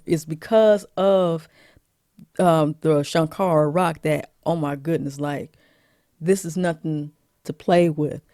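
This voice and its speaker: A woman's voice: fairly low pitch, dark tone, no room sound, clean studio sound. Chatty woman recapping a movie. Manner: chatty, laughs often, many fillers. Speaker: movie review vlogger.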